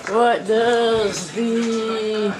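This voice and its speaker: Slow patient young mom quizzing her toddler. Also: on the high side, fairly even intonation, crowd noise, rough recording. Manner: slow, patient, sing-song questioning. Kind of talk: home video, playful quizzing.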